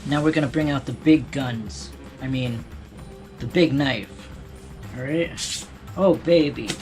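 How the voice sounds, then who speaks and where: A man's voice: medium pitch, takes it slowly, a little mellow, soft background music. A man hosting a casual art tutorial, joking and talking to himself as he works. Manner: playful, self-amused, talks to himself while working.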